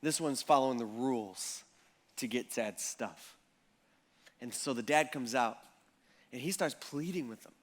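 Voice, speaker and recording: A pastor preaching a sermon in a casual, conversational way, often checking in with the congregation and acting out the people in the story. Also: male voice, mid-range voice, measured pace, long pauses. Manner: animated, acts out the people in the story.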